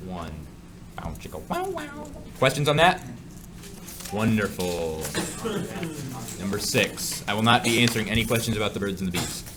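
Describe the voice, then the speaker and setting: Man, math teacher in a classroom, animated and joking, swinging pitch, echoey room with faint noise. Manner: joking, lively, asides to students. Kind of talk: classroom lecture.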